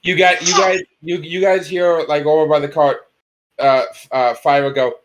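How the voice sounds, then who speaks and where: A man's voice: fairly high pitch, flat delivery, normal speed, rough recording. A man running a tabletop game as game master, casual and teasing.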